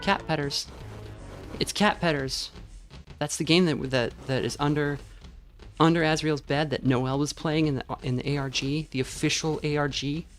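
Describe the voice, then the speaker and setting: A woman with a low voice talks over her gameplay at normal speed, keeping her intonation fairly even as she rambles into tangents full of fillers. She's streaming from home on a dynamic USB mic, and faint game music can be heard in the background.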